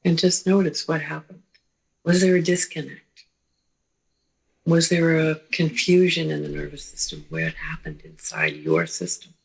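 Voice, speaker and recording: A woman clinician giving a slow, gentle teaching talk, pausing often and checking in with the listener. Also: sits low, lively intonation, creaky, husky, low-quality recording. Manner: slow, gentle, with pauses and repeated "right?".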